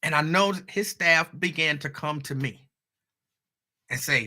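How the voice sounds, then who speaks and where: Male host, fairly high, very bright voice, casual storytelling with asides to the audience. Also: normal speed. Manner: conversational storytelling, animated asides to listeners. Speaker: radio host. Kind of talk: casual monologue.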